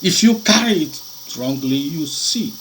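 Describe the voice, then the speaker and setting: Man, preacher, impassioned sermon, rhetorical questions, repeats and restarts phrases, animated pitch. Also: a little slow, a little hiss or hum, low-quality recording.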